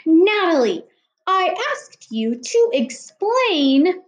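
A stern, fussy mother scolds sharply and gives orders in an exasperated storybook voice, as a woman reads her aloud. Her voice sits on the high side, with a roomy echo around it. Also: expressive, moderate pace. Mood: scolding.

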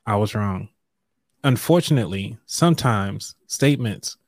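A man hosts a live online show about money, chatting in a relaxed, loose way with fillers and throat clearing, and reads a passage from a book aloud. His voice sits on the low side, a little slow, with no room sound.

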